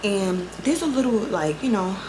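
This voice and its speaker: A woman's voice: medium pitch, normal speed. Young woman vlogger going off about her story, cussing a lot, acts out every convo, some background noise. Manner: profane, animated storytelling with quoted back-and-forth. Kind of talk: casual storytime chat.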